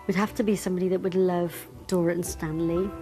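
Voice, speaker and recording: Woman, interview, soft-spoken, candid, faint music behind. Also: fairly low pitch, fairly even intonation, quick pace. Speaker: dog owner.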